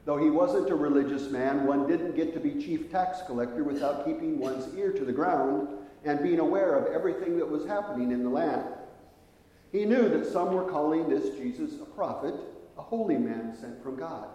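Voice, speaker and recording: A male preacher tells a story in a vivid, conversational way, his voice slightly high but mellow. The sermon rings through a large church hall with a long, echoing reverb. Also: moderate pace.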